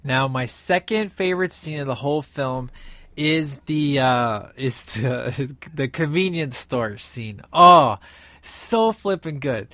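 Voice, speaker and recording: A man's voice: medium pitch, slow, bright, forceful tone, dry recording. Enthusiastic man recapping a film, dry sound. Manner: enthusiastic, rambling with many fillers. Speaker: film reviewer.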